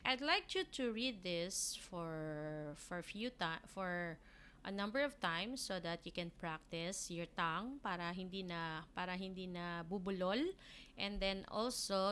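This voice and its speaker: Slow, bright Filipino woman teacher. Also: fairly low pitch, a little hiss or hum. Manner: slow, repeats each word twice, switches between English and Tagalog. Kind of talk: recorded reading lesson for children.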